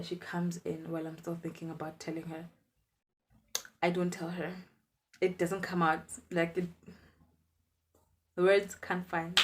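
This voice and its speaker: A woman in her twenties chatting through an animated storytime vlog. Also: fairly low pitch, unhurried, pauses often, slight background noise. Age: 20s. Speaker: vlogger.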